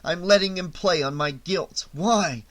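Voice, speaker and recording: A man's voice: high voice, a little slow, fairly bright tone. A man voicing a tense, obsessed psychiatrist who speaks urgently and anxiously in an audiobook reading. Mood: brooding. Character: haunted middle-aged male psychiatrist, tense and obsessed.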